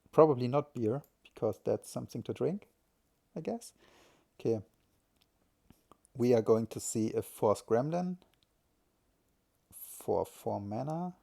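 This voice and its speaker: A man's voice: mid-range voice, creaky, mellow. A man giving live solo commentary on a strategy game, thinking aloud and often correcting himself.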